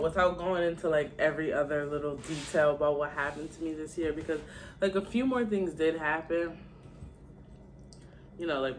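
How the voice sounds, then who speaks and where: A woman's voice: deep voice, slight background noise. A young adult woman vlogging in a candid, slangy and heartfelt way, talking casually to her viewers. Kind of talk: casual chat to camera.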